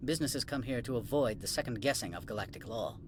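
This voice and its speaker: A man's voice: medium pitch, expressive, fast, background noise, natural voice. A man playing a haughty corporate administrator. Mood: dismissive. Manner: curt, dismissive, condescending. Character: haughty middle-aged male corporate administrator.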